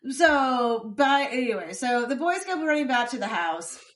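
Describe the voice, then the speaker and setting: A woman's voice: sits high, expressive, measured pace, fairly bright tone, reverberant. A woman co-hosting a podcast, chatting casually and laughing as she recaps an episode. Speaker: podcast co-host.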